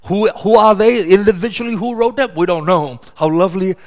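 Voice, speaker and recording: A man's voice: sits high, fairly quick. A middle-aged man preaching a sermon, emphatic and repetitive, asking rhetorical questions and answering them.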